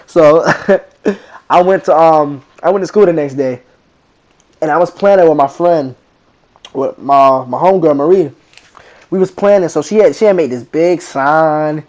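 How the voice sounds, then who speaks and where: Teenage guy, slangy casual storyteller, fairly high-pitched, animated quoting. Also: measured pace, pauses often. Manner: slangy, rambling, animated retelling with quoted voices. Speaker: vlogger.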